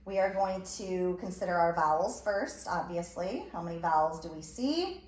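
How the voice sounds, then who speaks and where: A woman's voice: on the low side, animated, normal speed, darkish tone. A woman teacher giving a recorded phonics lesson, sounding out letters and word parts one at a time. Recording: echoey room with faint ambient noise.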